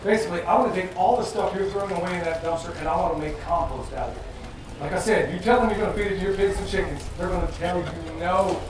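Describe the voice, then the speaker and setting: A man with a high voice speaks to a crowd at an event, loose, jokey and plain-spoken. He sounds distant from the microphone, and the room is very echoey. Steady noise sits behind him throughout. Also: quick pace. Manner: joking, conversational, plain-spoken. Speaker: festival presenter. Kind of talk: live talk to an audience. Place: event venue with audience. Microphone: far from the mic.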